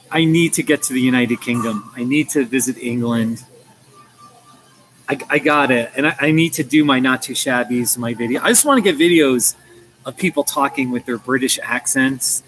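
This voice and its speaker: An American man talks casually to his livestream viewers from a coffee shop. His speech rambles, full of fillers and false starts, in an ordinary mid-pitched voice. Faint café ambience murmurs in the background. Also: fairly bright tone, slight background noise, low-quality recording. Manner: rambling, chatty, with frequent restarts and fillers. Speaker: livestream host.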